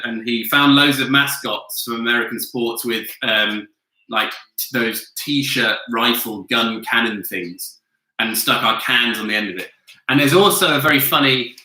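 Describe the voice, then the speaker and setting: Sweary, sharp-voiced quiz host man. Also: medium pitch, roomy sound, poor audio. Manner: loose, sweary, chatty. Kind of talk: casual online quiz hosting. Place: home, with a flatmate nearby.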